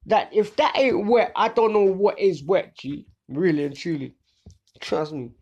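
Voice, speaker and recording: A young Londoner rants his way through a casual podcast monologue, animated and thick with street slang. He speaks at a moderate pace in a high voice.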